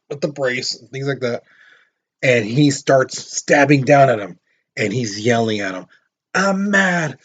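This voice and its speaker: A man teaching a history lesson in a casual, storytelling way, acting out quotes and putting questions to his students. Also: medium pitch. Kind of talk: casual classroom lecture.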